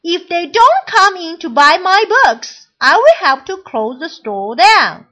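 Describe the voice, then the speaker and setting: A woman reading the lines of a worried male bookstore owner in a storybook, slowly and plainly. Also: very high voice, sing-song, sharp tone, full character voice.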